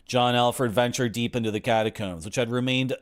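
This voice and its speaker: A man's voice: mid-range voice, fairly even intonation, brisk, clean tone. Wry man streaming a game. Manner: wry, griping asides, sarcastic. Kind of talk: reading game text aloud with commentary.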